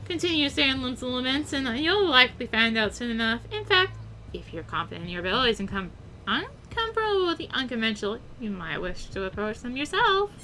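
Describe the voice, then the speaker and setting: A woman's voice: sits high, sing-song, a little fast, bright, forceful tone, slight background noise, exaggerated voice, rough recording. A woman voicing a stiff, formal port official with stern, proper phrasing.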